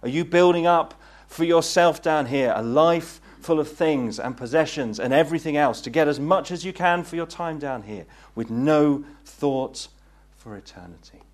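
A man preaching a gospel sermon, earnest and pleading, rising to fervent peaks and then dropping low. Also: normal speed, few pauses. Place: meeting hall.

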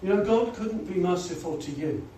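A man with a high, animated, mellow voice preaches a gospel sermon at normal speed, earnest and pleading, often saying "you know." He sounds far off in an echoey church or gospel hall, with faint noise.

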